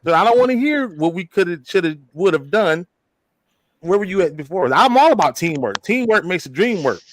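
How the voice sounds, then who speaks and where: A man co-hosting a casual podcast chat, telling a story with animated delivery and acting out quoted lines. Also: sits high, fairly quick, dry recording. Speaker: podcast co-host.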